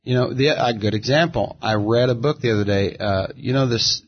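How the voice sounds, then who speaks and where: A middle-aged man, a gospel singer as interview guest, telling stories in an easygoing, reflective way. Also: medium pitch. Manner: easygoing, reflective, drawn-out storyteller. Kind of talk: relaxed conversational storytelling. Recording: dull, muffled audio.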